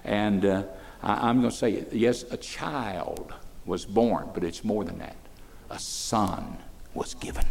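An older man, preaching to children, moving between soft, folksy asides and loud, emphatic declarations. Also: lowish voice, slow, gravelly. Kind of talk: sermon to children.

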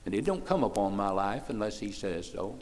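A man in his sixties, a pastor preaching a sermon in church, folksy and plain-spoken, swelling loud for praise and then dropping low and soft. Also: sing-song, a little fast, a little hiss or hum. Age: 60s.

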